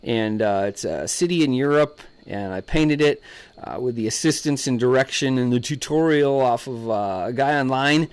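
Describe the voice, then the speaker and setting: A man's voice: mid-range voice, normal speed, clear, resonant tone. A man hosting a casual devotional vlog from his art studio, talking conversationally and piling up repeated phrases. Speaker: ministry vlogger and Bible teacher.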